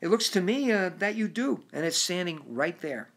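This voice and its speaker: Guy doing a tiny jumpy lizard, halting and watchful, storybook voice. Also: high-pitched, expressive, pitched above the performer's own voice. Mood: matter-of-fact. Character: small anxious male lizard, watchful like a sentry.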